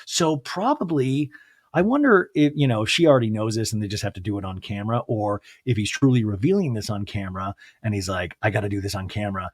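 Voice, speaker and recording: A man in his thirties hosting a solo podcast recap, rambling casually and jumping into high, exaggerated voices to act out quotes. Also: lively intonation, fast talker, dry recording. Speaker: podcast host.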